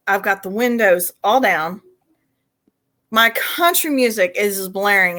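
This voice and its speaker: A middle-aged woman with a Southern accent telling a family story on a casual podcast, laughing as she goes and shouting when she acts out scenes. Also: medium pitch. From Arkansas. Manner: laughs through her own stories, shouts when acting out scenes. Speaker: podcast co-host.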